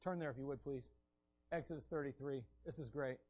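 A man preaching a sermon, telling the scriptural stories in an animated way and acting out the scenes. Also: medium pitch, fairly quick, lo-fi sound.

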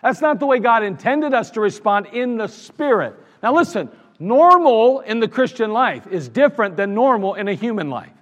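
A man's voice: high-pitched, animated, normal speed, hardly any pauses, fairly bright tone. A man preaching a sermon as pastor, earnest and emphatic, repeating phrases for stress. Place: church sanctuary. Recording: reverberant church sanctuary.

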